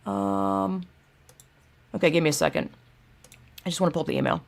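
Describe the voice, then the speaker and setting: A woman's voice: fairly low pitch, normal speed, vocal fry. A young woman ranting casually and profanely on a livestream, talking to her chat while fumbling through her phone. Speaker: video creator ranting to live chat.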